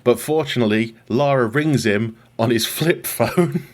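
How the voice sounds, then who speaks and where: A man's voice: medium pitch, a little slow. A man hosting a podcast, chatting casually and wryly as he recaps a film from his notes. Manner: wry, chatty, laughs at his own jokes. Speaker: podcast host.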